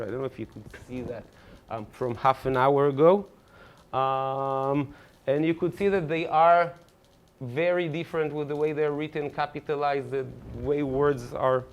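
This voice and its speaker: Man giving a casual academic talk. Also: on the high side. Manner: casual explaining, many fillers and restarts, checks in with audience. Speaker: lecturer. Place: lecture room.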